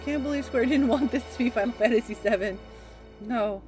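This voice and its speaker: A woman's voice: a little high, a little fast. A woman streaming a video game live, chatting and swearing as she reacts to what she finds. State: yawning, tired. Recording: game music underneath. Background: game music.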